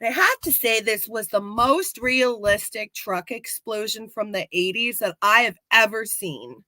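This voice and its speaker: Bright, slow-talking woman recapping a show. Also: fairly high pitch, no room sound. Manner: animated storyteller, acts out quotes. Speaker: podcast co-host recapping a TV episode. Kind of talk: casual live-stream chat. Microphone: live-stream setup.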